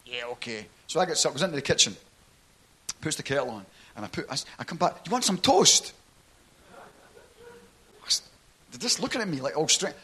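A man's voice: a little high, expressive, quick pace, sharp tone, slightly rough. A middle-aged man, telling his conversion story in a sermon and often checking in with "right?". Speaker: preacher giving testimony. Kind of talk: sermon testimony.

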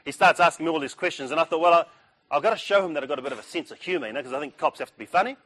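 Talking very fast, a middle-aged New Zealander preaches a testimony sermon at a Christian breakfast, telling his own story. His voice sits slightly high for a man, and his humorous, lively delivery includes acting out everyone he quotes.

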